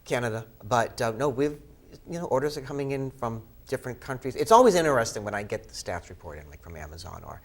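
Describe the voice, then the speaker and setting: A man with a Boston accent talking casually as a guest filmmaker on a local cable show, animated and laughing easily. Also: mid-range voice, fast. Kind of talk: casual chat.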